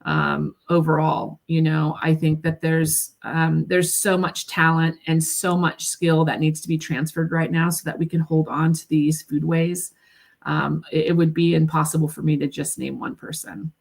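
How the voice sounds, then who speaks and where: Low, gravelly woman telling stories. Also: flat delivery, normal speed. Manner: earnest storyteller, many fillers and restarts. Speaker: guest, food nonprofit executive director. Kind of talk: casual interview chat. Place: at home by her garden.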